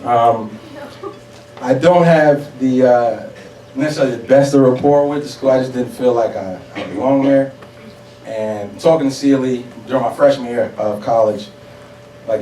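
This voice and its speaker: On stage in an echoey hall, a young New York City man tells a story full of profanity with animated energy while the audience laughs along. The mic sits at a distance, his voice is medium-pitched at normal speed, and there's slight background noise.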